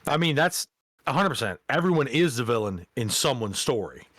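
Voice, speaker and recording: A man's voice: mid-range voice, sing-song, fairly quick, a bit bright, dry recording, studio quality. Joking, laid-back podcast co-host man. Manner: laid-back, joking, with profane sports banter. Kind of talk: casual podcast chat.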